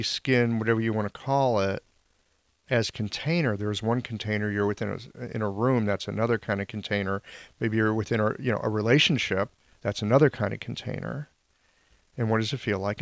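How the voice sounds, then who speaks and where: A man's voice: fairly low pitch, vocal fry, no room sound, clean studio sound. A man hosting a casual conversation, wry and self-deprecating, asking probing questions.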